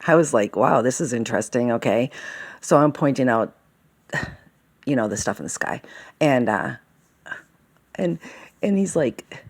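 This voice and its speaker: Woman, gravelly lively voice, agitated rambling vlog rant, keeps asking "all right?". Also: a bass voice, takes it slowly, long pauses. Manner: rambling, agitated, swears often; fillers and self-interruptions, asks "okay?" and "all right?". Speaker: vlogger. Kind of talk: casual monologue.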